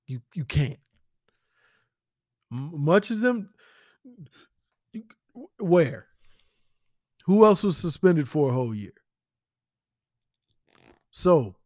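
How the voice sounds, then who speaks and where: A man's voice: a little high, lively intonation, takes it slowly, long pauses, a little mellow, no echo, clean studio sound. A man hosting a casual commentary podcast, blunt and profane, firing rhetorical questions at the listener. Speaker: podcast host.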